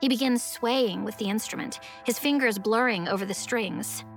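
A woman narrating a children's fantasy audiobook in the first person, lively and expressive. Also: on the high side, moderate pace, gravelly, faint music behind.

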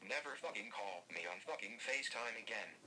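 A male text-to-speech screen reader reading messages aloud in a flat synthetic manner. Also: lowish voice, a little fast, slight background noise, rough recording.

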